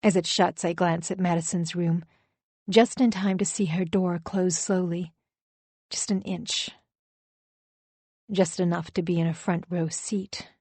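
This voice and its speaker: A woman's voice: on the low side, steady tone, a little slow, pauses often, a little mellow, husky, no echo. Female audiobook narrator, first person, intense dramatic read, dry booth. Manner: dramatic, emotionally charged reading.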